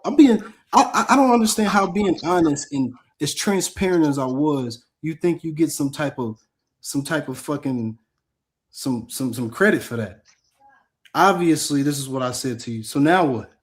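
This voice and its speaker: A man's voice: fairly high pitch, darkish tone. A man on a panel, defending himself bluntly with profanity in a heated argument. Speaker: panel guest.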